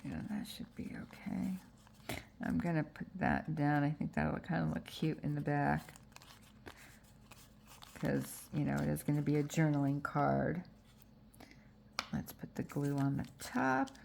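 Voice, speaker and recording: A woman's voice: deep voice, measured pace, creaky, pauses often, darkish tone, slight background noise. A woman with a stuffy, congested voice from allergies, chatting casually through a crafting tutorial with frequent fillers. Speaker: junk journal crafter.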